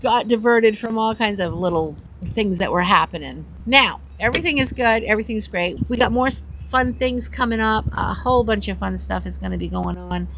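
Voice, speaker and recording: A woman's voice: medium pitch, moderate pace, hardly any pauses, a bit bright, rough recording. An older woman vlogging outdoors, chatting and telling stories in a rambling way. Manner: chatty, rambling, acts out quotes. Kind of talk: casual storytelling chat. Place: outdoors on a windy day. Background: faint wind noise.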